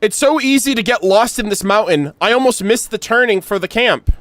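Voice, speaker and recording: Flustered lost young man in a game, voiced flatly by a male streamer; high, plain read. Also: brisk, dry recording. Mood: sheepish.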